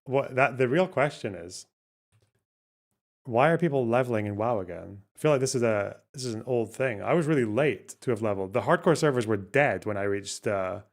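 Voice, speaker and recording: In an expressive, medium-pitched voice, slightly fast, a man on a livestream casually reacts to his chat and clips. He swears, sounds incredulous, and keeps starting sentences over while thinking out loud.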